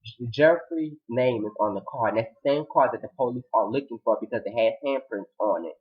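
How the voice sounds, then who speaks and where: A man giving a casual, animated recap of a TV drama episode, retelling scenes dramatically and acting out the characters' lines. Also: mid-range voice, brisk, dull audio. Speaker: TV show reviewer.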